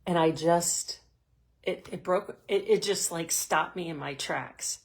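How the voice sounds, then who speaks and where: With a lowish, creaky voice at a slow pace, this middle-aged host leads a women's group motivational talk full of heartfelt, emotional stories. She speaks earnestly and occasionally nears tears.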